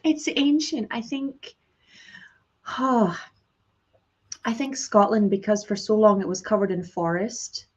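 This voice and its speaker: A woman's voice: mid-range voice, takes it slowly, long pauses, breathy edge, muffled recording. A woman hosting an interview, talking earnestly and chattily with many fillers over a video call. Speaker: host, course teacher. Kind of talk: conversational interview.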